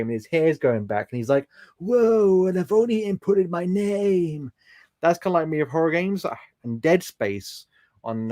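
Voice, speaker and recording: A man hosts a live stream in a chatty, affectionate way, laughing often as he reads out viewer comments. His voice sits at a middling pitch. The sound is close and dry, with no room echo.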